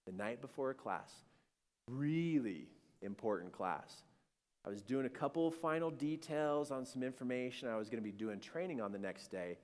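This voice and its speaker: A man telling a personal spiritual story, animated and acting out scenes, swinging between hushed and shouting. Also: on the low side, long reverb tail.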